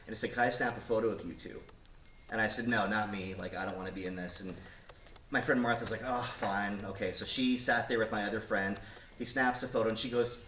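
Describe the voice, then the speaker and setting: Man telling a story in a roomy studio. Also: lowish voice. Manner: animated, acts out quoted voices. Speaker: radio talk show host. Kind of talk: casual storytelling to a studio audience. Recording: roomy sound, mic at a distance, faint noise.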